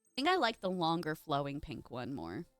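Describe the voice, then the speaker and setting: A woman's voice: low voice, wildly swooping pitch, normal speed, a bit bright, no room sound, faint music behind. A young woman live streaming a game, chatting casually and gushing as she talks straight to her viewers. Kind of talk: casual live-stream chat while gaming.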